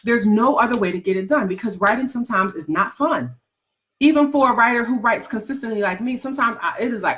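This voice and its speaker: Speaking a little fast in an animated, mid-range voice with a fairly bright tone, this woman coaches would-be book authors before a live crowd. She is folksy and emphatic, repeats herself, teases the audience, and keeps calling them "baby".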